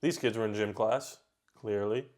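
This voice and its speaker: A man hosting a reaction video, chatting casually and talking back at the screen with quick outbursts. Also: fairly low pitch, fairly even intonation, a little mellow.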